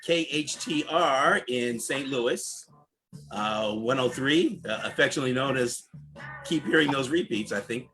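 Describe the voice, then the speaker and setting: A man's voice: medium pitch, a little slow, fairly bright tone, soft background music, rough recording. A man with a Brooklyn accent, a financial coach reading out a guest introduction on a video call, chatty and full of fillers. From New York. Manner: chatty, many fillers and restarts.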